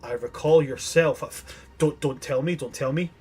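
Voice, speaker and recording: A man's voice: fairly high pitch, normal speed, warm tone, natural voice. Man playing a gracious king. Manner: courteous and welcoming. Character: gracious regal human king, grown man.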